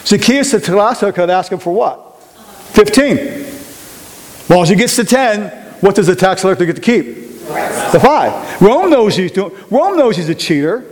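A man with a notably high voice leads a Bible study. He preaches in an animated way, tossing questions to the group and repeating his points. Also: moderate pace. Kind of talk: interactive sermon.

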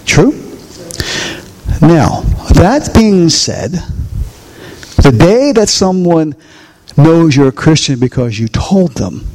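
A man preaching a chatty, conversational sermon as pastor in a church, swinging into high voices for quotes and asides. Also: takes it slowly, pauses often. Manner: animated, chatty, jumps to high voice for quotes and jokes. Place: church sanctuary.

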